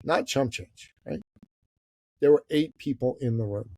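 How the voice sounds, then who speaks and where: A guest entrepreneur from Iran, middle-aged, narrates a story in a podcast interview, vividly playing the people in it. He speaks unhurriedly in a mid-range voice, captured in a dry recording.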